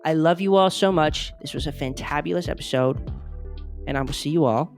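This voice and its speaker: A podcast host giving a casual, hyped outro full of plugs, talking effusively with big jumps in pitch. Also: fairly quick, soft background music.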